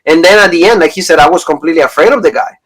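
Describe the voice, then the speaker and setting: A man's voice: a little high, rapid-fire, fairly bright tone, low-quality recording. A man in his thirties from Pennsylvania, co-hosting a casual review chat and rambling through retold stories. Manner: rambling, retelling stories with quoted lines. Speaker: podcast co-host.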